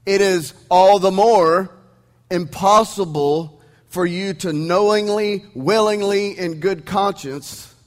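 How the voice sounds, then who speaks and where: A man's voice: sits high, long reverb tail. A man with an East Texan accent preaching a sermon as pastor, emphatic and conversational, leaning on rhetorical questions. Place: church sanctuary. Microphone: sound system.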